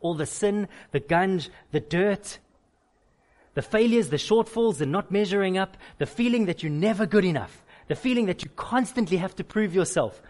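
A man with a somewhat high voice preaching a Sunday sermon. He tells candid personal stories and drives points home with emphatic, repeated lists. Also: animated, moderate pace, a little mellow. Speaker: pastor.

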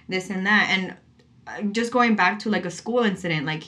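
A young adult woman chatting casually about parenting, telling stories in an animated way and laughing often. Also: lowish voice, normal speed. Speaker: mother on a parenting talk show. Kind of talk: casual conversational chat.

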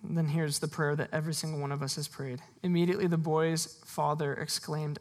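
A pastor giving a sermon in a relaxed, conversational way, laughing often and briefly voicing the people in the passage. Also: mid-range voice, moderate pace.

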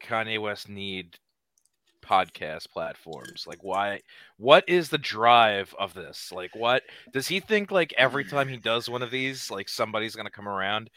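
A man's voice: lowish voice, lively intonation, unhurried, pushed and bright. A man co-hosting a podcast in casual chat, asking rambling, sarcastic questions. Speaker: podcast co-host.

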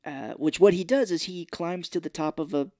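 A podcast co-host chatting casually through a movie recap at a middle pitch, jumping into quick put-on voices for the characters. The sound is close and dry, with no room around it. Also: mellow, no echo. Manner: retells scenes, acting out characters' lines in quick put-on voices.

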